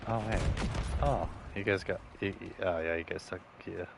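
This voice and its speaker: A young man streams a shooter game, chatting in a loose, rambling way. He swears often and jokes to himself between plays. His voice sits fairly low, with a faint background hum. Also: steady tone, moderate pace, vocal fry. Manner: rambling, profane, joking to himself. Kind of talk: casual gaming commentary.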